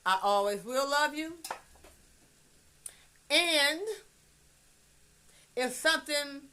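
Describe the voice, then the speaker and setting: A middle-aged woman on a phone livestream, talking to her grown son in a rambling, blunt monologue. She swears freely and swings between soft and loud. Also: sits high, lively intonation, extremely slow.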